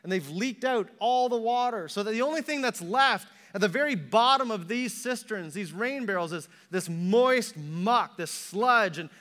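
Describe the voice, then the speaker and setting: A man preaching a sermon, telling stories animatedly and acting out the voices of the people in them, then dropping to a hush for emphasis. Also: high voice, normal speed, few pauses. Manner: animated storytelling, acts out quotes, drops to a hush for emphasis. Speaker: pastor. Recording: long hall reverb.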